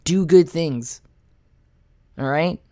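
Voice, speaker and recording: A man's voice: a little high, extremely slow, warm tone, no room sound. A man hosting a casual monologue, rambling with slang and frequent swearing. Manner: rambling, profane, street slang.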